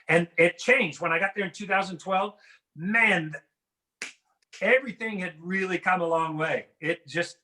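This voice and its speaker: A middle-aged stand-up comedian performs a conversational, self-deprecating set over a video call from his house. His voice is high, bright, and forceful, and he speaks at a moderate pace.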